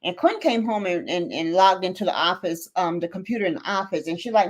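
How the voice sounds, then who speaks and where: A woman's voice: lowish voice, fast. A middle-aged woman, a guest and mother of one of the hosts, telling a family story on a live podcast and acting out the quotes. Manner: animated, acts out quotes in a raised voice.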